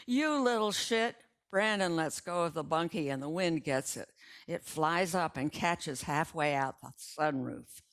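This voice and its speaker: A woman reading a story aloud in an unhurried storytelling manner, slipping into small voices for the characters. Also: sits low. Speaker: resident reader. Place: retirement community.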